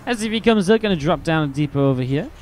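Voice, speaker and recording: A man's voice: on the high side, animated, fast talker, darkish tone. A man with an English accent casting a live strategy game match, mixing play-by-play calls with chatty asides. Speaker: esports caster.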